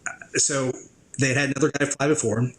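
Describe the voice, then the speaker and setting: A man with a mid-range voice, a guest on a podcast, telling a work story in a casual way. He is an animated storyteller who acts out other people's reactions along the way. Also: mid-range voice, a little fast, slight background noise, rough recording. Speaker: guest, drone operator.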